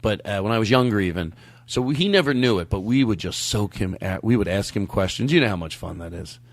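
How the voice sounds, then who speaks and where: A man's voice: lowish voice, lively intonation, fast talker, no room sound. A man hosting a comedy podcast, chatting in a rambling way with frequent laughs and restarts. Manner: rambling, laughing, self-interrupting. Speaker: podcast host. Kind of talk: casual comedic chat.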